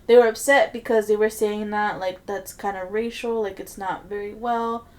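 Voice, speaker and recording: A woman co-hosting a podcast in casual chat, talking in an animated way with frequent swearing and quick outbursts. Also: medium pitch. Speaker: podcast co-host.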